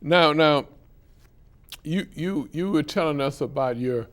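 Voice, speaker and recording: A man hosting an interview, speaking haltingly with fillers and repeated words and offering frequent short affirmations. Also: on the high side. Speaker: host.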